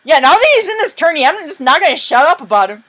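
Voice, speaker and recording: A woman giving chatty, excitable commentary over a video, jumping in with quick asides. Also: high voice, poor audio.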